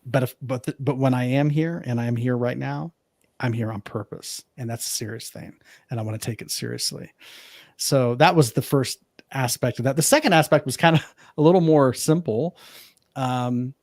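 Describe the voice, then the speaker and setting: A man's voice: mid-range voice, moderate pace, no echo. Earnest man telling his story, dry sound. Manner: earnest, reflective, acts out remembered dialogue. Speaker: podcast guest, life coach. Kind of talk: personal storytelling in an interview.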